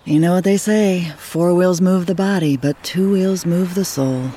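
A man's voice: sits high, measured pace, mellow. An actor playing a boastful, laid-back male biker in a radio ad. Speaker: motorcycle rider.

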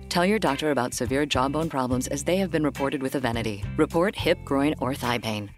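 Woman, commercial voice-over, measured, over music. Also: deep voice. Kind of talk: scripted ad narration. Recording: music bed behind voice.

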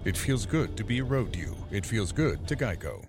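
A man's voice: on the low side, very animated, normal speed, music in the background. A man narrating a scripted ad in a wry, playful tone. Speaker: announcer. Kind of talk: scripted ad voice-over.

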